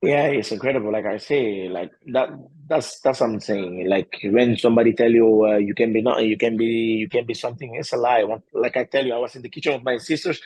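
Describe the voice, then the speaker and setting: Speaking at a medium pitch in a husky voice, this MMA fighter gives casual interview answers in halting, broken English full of fillers and restarts. He gets animated and laughs now and then while recounting stories. The recording is close and poor in quality, with no echo or room around it.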